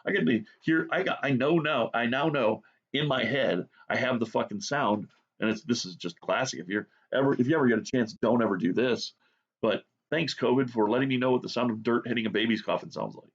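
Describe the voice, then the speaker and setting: Man, 40s, mid-pitched; sarcastic profane rambling monologue, dull low-fi recording. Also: a little fast, husky. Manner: sarcastic, heavy swearing, rambling. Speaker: drawing video host.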